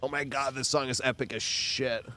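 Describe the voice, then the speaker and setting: A man's voice: mid-range voice, fairly even intonation, moderate pace, bright, forceful tone, a little hiss or hum. A man streaming a video game, talking loosely and profanely with his viewers, his voice weak and congested from a cold. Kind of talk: casual livestream chat while gaming.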